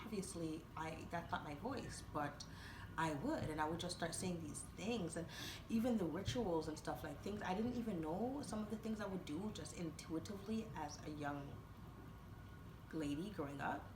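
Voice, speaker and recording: Her voice lowish and her pace moderate, a young vlogger chats to camera about a personal experience, rambling with many fillers and frequent laughter. There's reverb and background noise in the recording.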